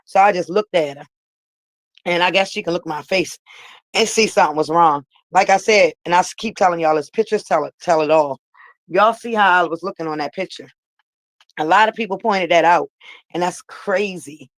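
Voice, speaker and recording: A woman's voice: fairly low pitch, a little fast, no room sound, rough recording. A woman vlogger telling a personal story straight to her viewers, emphatic and repeating herself for weight.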